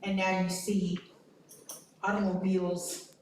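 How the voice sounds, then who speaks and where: A woman's voice: medium pitch, level tone, measured pace, a little hiss or hum. A woman chiming in during a committee meeting in a matter-of-fact way. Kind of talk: meeting discussion. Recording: echoey room from far off.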